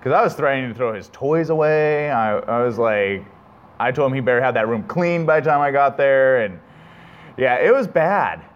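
A man's voice: mid-range voice, animated, normal speed, muffled recording. A man preaching a sermon, telling an earnest, self-reflective story from his own family life with many restarts.

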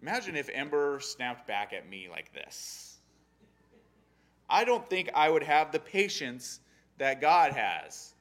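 A young adult man giving a casual sermon on a Bible story, animated and acting out the characters' lines. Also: a little high, slow pace. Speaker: Bible study teacher.

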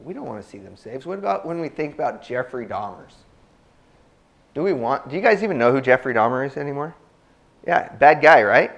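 A man's voice: mid-range voice, gravelly. Conversational male preacher. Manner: conversational, asks the congregation questions. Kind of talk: sermon with scripture reading.

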